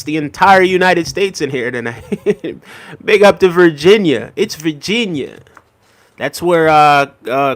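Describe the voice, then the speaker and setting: A man hosting a spiritual live stream, casually chatting and reading viewer comments aloud, with a relaxed, easygoing delivery and frequent "right?" check-ins. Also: on the high side. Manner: relaxed, conversational, laughs often, frequent "right?" and "big up". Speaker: livestream host reading chat.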